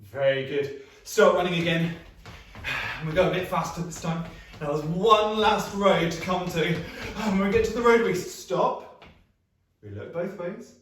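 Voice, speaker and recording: A man's voice: sits high, unhurried, distant mic, slight background noise. Playful man leading kids, echoey room. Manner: playful and animated, with sound effects and coaxing prompts. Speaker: music practitioner leading children's singing session. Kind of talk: live online action-story warm-up for children. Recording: very echoey room, voice set back from the mic.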